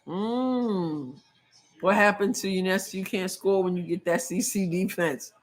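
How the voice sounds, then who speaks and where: A woman's voice: medium pitch, a little slow. A woman hosting a live game watch-along, chatting opinionatedly, calling plays and reading viewer comments aloud. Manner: play-by-play asides. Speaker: show host.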